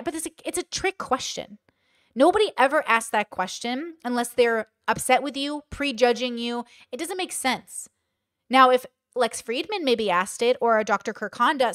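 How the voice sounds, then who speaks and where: Lady ranting over stream clips, kinda high voice, dry close mic, blunt and fed up. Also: a bit bright, no echo. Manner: blunt, exasperated, swears and acts out quotes. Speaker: commentary host. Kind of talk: reaction commentary on stream clips.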